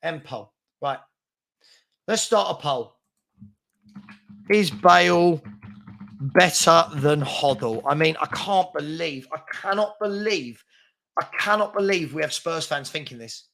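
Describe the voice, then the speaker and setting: Animated man hosting a football live chat. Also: a little high, takes it slowly, gravelly, long pauses. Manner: animated, exasperated, argumentative. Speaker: host of a daily football live stream. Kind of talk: casual live-stream chat reading viewer comments.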